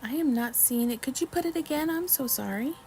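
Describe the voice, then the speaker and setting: Chatty woman with a gravelly voice. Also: sits high, lively intonation, brisk, mellow, slight background noise, low-quality recording. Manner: chatty, apologetic, reads trivia questions to chat. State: mouth full of chocolate at times. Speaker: livestream host. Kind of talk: casual livestream chat while crafting.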